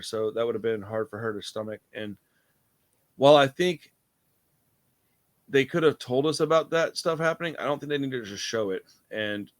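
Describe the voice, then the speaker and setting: Laid-back rambling young man host. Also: mid-range voice. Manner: laid-back, rambling, says dude and bro. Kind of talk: casual movie review chat.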